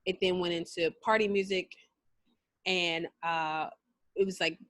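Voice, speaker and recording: Loud, animated woman podcast co-host. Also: on the low side, unhurried, dry recording. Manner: loud, animated storytelling with bursts of shouting and laughter. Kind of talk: casual chat.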